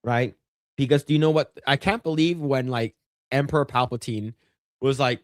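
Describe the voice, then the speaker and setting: A man co-hosting a podcast in casual chat, swearing often and acting out scenes in squeaky put-on voices. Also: normal speed, no room sound, clean studio sound. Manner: profane, laughing, acts out scenes in high voices. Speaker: podcast co-host.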